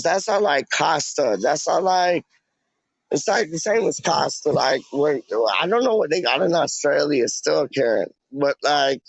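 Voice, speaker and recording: Gravelly young man with slang. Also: on the high side, dry recording, muffled recording. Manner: slangy, rambling, drops fillers like "man" and "dog". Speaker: streamer. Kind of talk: casual street livestream.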